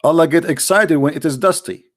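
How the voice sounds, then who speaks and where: A man with a fairly high voice delivers a solo commentary, mocking and emphatic by turns. His English carries non-native grammar, and he leans hard on sarcasm. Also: fairly quick. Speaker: online debater.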